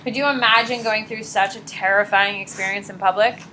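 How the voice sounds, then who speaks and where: A young woman teaching high school psychology in a classroom, chatty and animated, often saying "like" and "uh". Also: brisk, slight background noise, poor audio. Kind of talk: casual classroom lecture.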